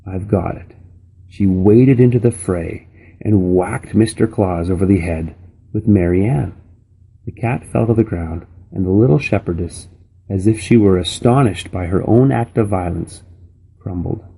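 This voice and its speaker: A man reading a children's novel aloud in a calm, measured storytelling manner. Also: fairly low pitch, gravelly, husky, poor audio. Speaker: reader.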